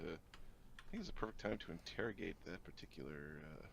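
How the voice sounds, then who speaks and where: Deep, gravelly, lively male player. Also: fairly quick, a little hiss or hum. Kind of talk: casual tabletop play.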